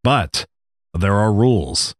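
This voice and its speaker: A man voicing an old talking desert snake, calm and matter-of-fact with dry jokes. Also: lowish voice, takes it slowly, no echo. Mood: wry. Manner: matter-of-fact, dryly joking.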